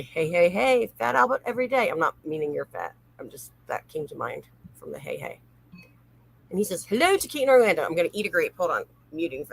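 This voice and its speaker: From North Carolina, this woman hosts a casual late-night livestream, reading viewer comments aloud, chatting, and laughing easily. Her voice is low-ish with vocal fry, a sharp tone and slight roughness, in a rough recording.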